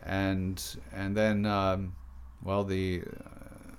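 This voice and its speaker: A man, a poet and artist, talking haltingly about his work in an interview. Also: low voice, completely flat delivery, slight background noise. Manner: halting, many restarts. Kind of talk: casual interview talk.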